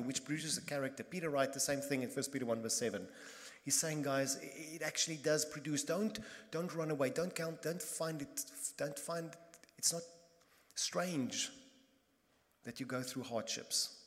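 A man preaching a sermon as pastor, emphatic and impassioned, repeating phrases and swinging between loud bursts and hushed moments. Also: on the high side, moderate pace. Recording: long reverb of a large hall.

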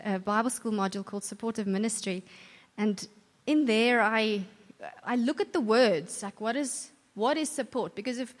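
A woman giving an earnest, conversational church talk, often restarting her sentences. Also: on the high side. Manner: earnest, warm conversational preaching with self-corrections. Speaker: church speaker. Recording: long hall reverb.

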